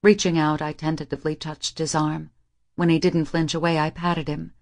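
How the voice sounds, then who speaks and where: A young woman narrating a first-person romance audiobook in an intimate, even manner. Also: low voice, moderate pace.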